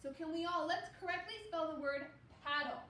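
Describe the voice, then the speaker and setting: A young woman teaching second graders phonics in a slow, sing-song way, sounding out words for the children. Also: sits high, fairly even intonation, bright, forceful tone, echoey room, far from the mic, a little hiss or hum.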